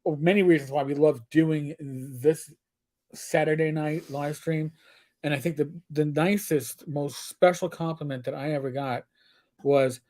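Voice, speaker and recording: A man's voice: on the high side, fairly even intonation, unhurried, darkish tone. An older man with a New York accent co-hosting a live stream, talking candidly in a rambling, swearing way. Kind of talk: casual live-stream chat.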